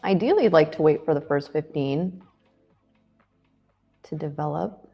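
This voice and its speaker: A woman co-hosting a live trading stream, chatty and quick to laugh, thinking aloud with fillers. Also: deep voice, vocal fry, warm tone, husky, soft background music. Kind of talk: casual live-stream chat about futures trading.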